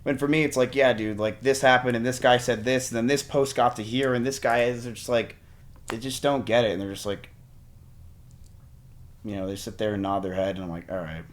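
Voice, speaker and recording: A man's voice: medium pitch, a little fast. A young man, a streamer, talking candidly and rambling, often acting out what other people said to him. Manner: rambling, animated, mimics others mid-story. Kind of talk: candid conversation.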